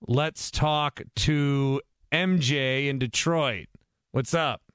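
A man hosting a call-in sports radio show, animated and quick to jump in on callers. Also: mid-range voice, smooth, no echo, studio quality. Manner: animated, talks over callers.

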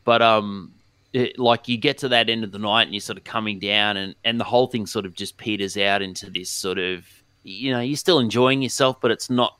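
Low, bright man rambling. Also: fairly even intonation, brisk, clear, resonant tone, no room sound. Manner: rambling, hesitant, many fillers and restarts. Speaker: podcast co-host. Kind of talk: casual chat.

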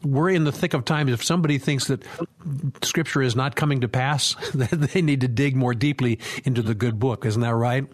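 A man's voice: medium pitch, fairly quick. A man hosting a talk show conversation, speaking directly to the listeners. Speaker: host.

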